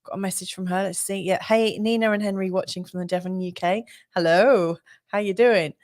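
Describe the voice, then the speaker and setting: A woman's voice: mid-range voice, steady tone, brisk, darkish tone. A woman astrologer hosting a live stream, chatting casually with many fillers and frequent laughs. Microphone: studio mic.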